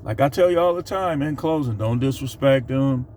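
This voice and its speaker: Middle-aged dude telling a story all animated, faint car noise behind him. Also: male voice, medium pitch, moderate pace. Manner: animated, laughs while telling. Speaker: vlogger. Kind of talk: casual storytelling monologue.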